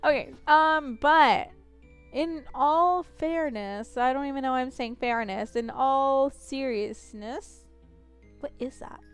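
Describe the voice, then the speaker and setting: A woman's voice: sits high, slow. Young woman, gaming stream chat, rambling, self-mocking, faint game music behind. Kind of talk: casual chat while playing.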